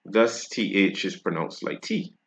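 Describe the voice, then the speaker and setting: A man's voice: low voice, a little slow. A man with a Barbadian accent, teaching a French pronunciation lesson in a casual, patient way and often checking in with tag questions.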